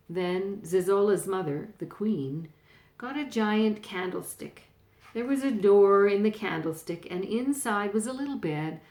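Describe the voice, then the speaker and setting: Grandmotherly woman reading a storybook aloud, unhurried, in an echoey room. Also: medium pitch. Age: older. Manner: gentle, pointing out pictures.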